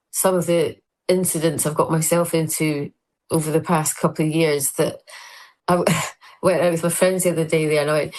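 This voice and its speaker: A woman's voice: deep voice, rough recording. A middle-aged woman, a comedian, chatting casually and telling rambling, self-deprecating stories. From Scotland. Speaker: comedian guest. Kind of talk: casual chat.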